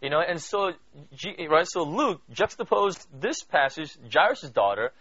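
A man's voice: fairly high pitch, big pitch swings, unhurried, sharp tone, husky. A man giving a conversational Bible study sermon, asking listeners questions and filling his talk with "you know" and "right?". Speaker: Bible teacher. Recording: dull lo-fi dry recording.

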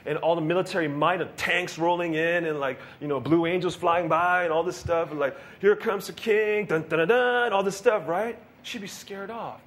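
A young man preaching a casual, conversational sermon, animated and often asking his listeners questions. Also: a little high, brisk, hardly any pauses. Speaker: pastor.

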